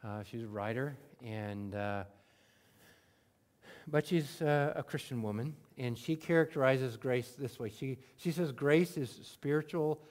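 A man's voice: medium pitch, a little slow. Conversational man preaching a sermon. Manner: conversational, swings from loud emphatic to soft and hushed; acts out prayers in everyday words. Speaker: pastor.

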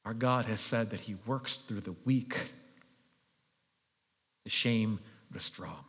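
A man preaching a sermon as pastor, telling a story with animated energy and voicing the crowd. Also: on the low side, slow pace, long pauses, breathy edge. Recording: long reverb of a large hall.

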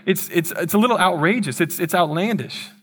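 A young male pastor preaching to his congregation. He talks casually and conversationally, breaking into playful asides. His voice sits slightly high for a man. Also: fairly quick, husky. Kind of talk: sermon.

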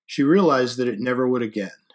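Husky-voiced man narrating a story. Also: medium pitch, brisk. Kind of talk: audiobook narration.

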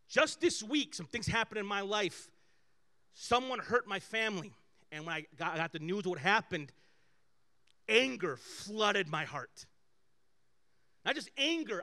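Man preaching, high-pitched, bright and tense tone, lively storytelling, loud bursts and quiet asides. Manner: animated storyteller, swings between loud bursts and hushed asides. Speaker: pastor. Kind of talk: conversational sermon with personal stories.

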